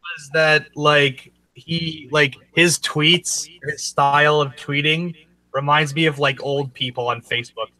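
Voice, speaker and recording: A man's voice: a little high, steady tone, a little slow, bright, forceful tone, rough recording. A man in a casual online chat, puzzled and restarting his sentences.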